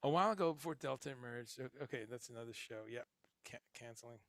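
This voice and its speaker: Reading chat aloud on his casual livestream, the middle-aged host rambles and curses freely; he grew up in Chicago and Guyana and later lived in New Jersey. He speaks fast in a mid-range, slightly bright voice, captured with clean studio sound and no room echo.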